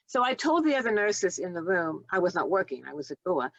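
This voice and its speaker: A woman's voice: lowish voice, quick pace, vocal fry, no room sound, dull audio. A woman in her sixties, a nurse and doula, telling stories in a podcast interview, acting out the dialogue and laughing often. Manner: animated storyteller who acts out dialogue and laughs often.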